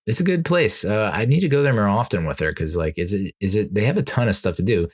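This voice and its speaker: Low-voiced man, rambling podcast host. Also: animated, fast, husky. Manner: rambling, laughs between sentences, exasperated asides. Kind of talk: casual solo podcast chat.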